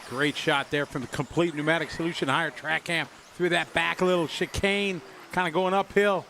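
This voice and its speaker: A man from the United States calls a live remote-control car race in a slightly high, chatty voice. He keeps it upbeat and easygoing with his co-commentator. Faint outdoor noise hangs behind him. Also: fairly even intonation, moderate pace, vocal fry, hardly any pauses, bright, forceful tone. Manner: chatty, upbeat, laughs easily.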